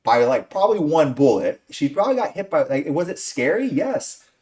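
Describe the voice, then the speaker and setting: Animated, ranting male podcast host. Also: fairly high pitch, normal speed. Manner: ranting, profane, exasperated. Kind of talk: casual movie review chat.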